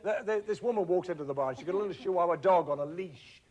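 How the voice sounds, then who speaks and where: A man's voice: high-pitched, rapid-fire, darkish tone, highs cut off. A man guest eagerly telling a joke and laughing along.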